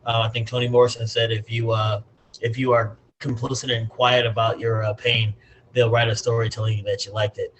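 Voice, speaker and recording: A man's voice: medium pitch, level tone, fairly quick, a bit bright, slight background noise, poor audio. A man, a party community organizer, speaking emphatically on a video call from his laptop. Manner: emphatic, preachy, many fillers.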